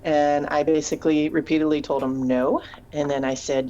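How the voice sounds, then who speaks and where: A woman's voice: deep voice, level tone, normal speed, warm tone, muffled recording. A woman co-hosting a casual live chat show, a teacher who rambles through stories and laughs often. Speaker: podcast co-host.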